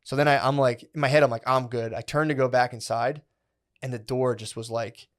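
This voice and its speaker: A man hosting a casual podcast, rambling through a story with constant swearing and "dude" and "like". His voice sits at an ordinary middle pitch. He slips in and out of quoted voices as he talks. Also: fairly even intonation, fairly quick. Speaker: podcast host.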